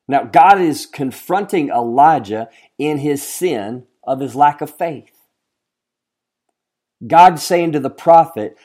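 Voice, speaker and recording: A man preaching a sermon as a pastor, earnest, often asking the listeners questions and moving from emphatic lines to hushed ones. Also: medium pitch, animated, takes it slowly. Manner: addresses listeners directly with questions.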